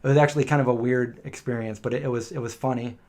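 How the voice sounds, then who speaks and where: A man's voice: medium pitch, fairly even intonation, fast, a little mellow. A middle-aged man hosting a casual live question-and-answer stream, telling rambling anecdotes and acting out the voices of people he quotes.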